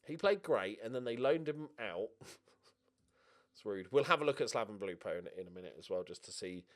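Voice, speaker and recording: A man's voice: lowish voice, fairly quick. Chatty man commentating a sports sim. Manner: chatty, jokey, excitable, swears casually. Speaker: gaming channel host. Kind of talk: casual let's-play commentary.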